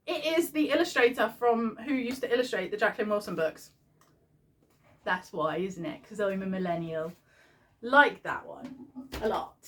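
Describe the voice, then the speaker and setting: A woman's voice: mid-range voice, fairly bright tone. A woman in her thirties with a British accent, chatting casually and rambling a bit as a parenting vlogger, often laughing. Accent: British English. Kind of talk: casual chat. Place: home nursery. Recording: voice slightly distant from the mic.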